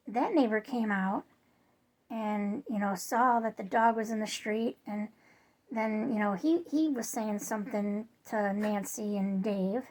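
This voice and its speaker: A woman with a slightly high voice recounts a neighborhood story for her vlog. She talks in a loose, rambling way, full of ums and self-corrections. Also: darkish tone. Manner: chatty, rambling, many fillers and restarts. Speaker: vlogger. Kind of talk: casual storytelling to camera.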